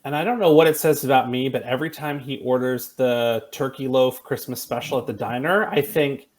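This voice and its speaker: A man's voice: mid-range voice, a little fast. Chatty man recommending TV. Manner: chatty, animated, many fillers. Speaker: co-host. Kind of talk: casual TV recommendation chat.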